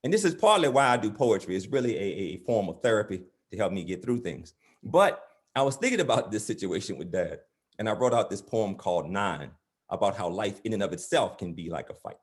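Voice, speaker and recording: A man's voice: on the low side, sing-song, brisk. A middle-aged man telling a comic story to an audience and then performing spoken word poetry with a rhythmic, theatrical delivery. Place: in front of a live audience.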